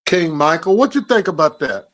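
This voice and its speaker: A high-pitched man, co-hosting a morning talk show. He talks loud and profane and needles his co-host. His voice sits well above the usual male range. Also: big pitch swings, moderate pace, poor audio. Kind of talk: casual banter.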